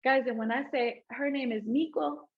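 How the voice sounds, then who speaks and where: A woman telling her personal testimony to a church group, animated and informal, acting out the dialogue she recalls and often speaking to the audience directly. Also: high-pitched, normal speed, breathy edge, highs cut off. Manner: animated storytelling, acts out quoted dialogue, laughs often; informal, addresses audience as y'all and guys. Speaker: abuse counselor and youth mentor.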